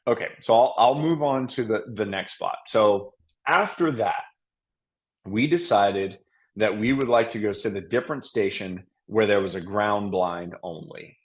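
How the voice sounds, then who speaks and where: A man with a fairly low voice spins a hunting yarn as a podcast guest. His delivery is casual and animated, and he often restarts his sentences and leans on fillers as he talks. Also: measured pace. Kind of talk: casual storytelling interview.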